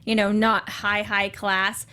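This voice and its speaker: A woman's voice: medium pitch, little pitch movement, takes it slowly, bright, forceful tone, clear, resonant tone. A woman guest in a casual chat, talking enthusiastically with frequent restarts. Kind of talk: casual chat about a TV show.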